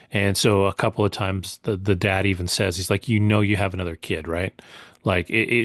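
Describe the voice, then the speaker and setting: A man's voice: on the low side, no room sound, studio quality. Rambling man reviewing a movie. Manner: rambling, many fillers and restarts. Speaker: podcast co-host. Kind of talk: casual movie review chat.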